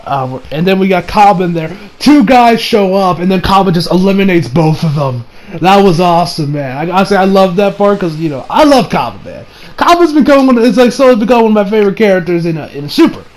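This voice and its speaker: A man giving a casual, rambling episode review, excitable and laughing, who acts out the characters' lines in quick voices. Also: high-pitched, rough recording. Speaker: anime reviewer.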